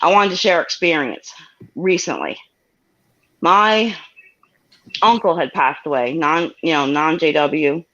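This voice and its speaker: A woman's voice: deep voice, lively intonation, takes it slowly, long pauses, a bit bright. A woman from New York telling a personal story as a guest over a video call, rambling with many restarts and getting choked up. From New York, USA. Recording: dull lo-fi call audio.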